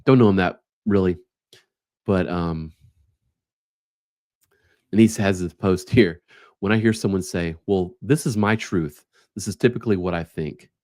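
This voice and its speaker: A man's voice: low-pitched, unhurried, long pauses, a little mellow, dry recording, studio quality. A man hosting a solo podcast, reading short quotes aloud and reflecting on them in a casual, thoughtful way. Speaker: podcast host.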